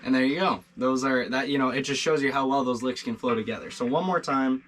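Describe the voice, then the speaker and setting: A man's voice: mid-range voice, fairly quick. Laid-back, encouraging male guitar teacher. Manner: relaxed, encouraging, rambling with fillers. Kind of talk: casual video lesson.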